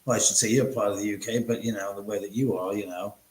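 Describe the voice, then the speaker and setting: A man's voice: fairly low pitch, steady tone, quick pace, darkish tone, echoey room, low-quality recording. Rambling man hosting a livestream. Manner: rambling, joking, crude banter. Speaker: livestream host. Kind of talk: casual livestream chat with viewers. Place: room in a house.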